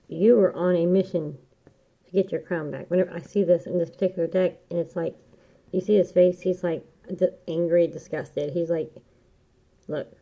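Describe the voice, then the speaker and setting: A woman giving a casual, rambling tarot reading, chatty and quick to laugh. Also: lowish voice, mellow, lo-fi sound. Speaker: tarot reader.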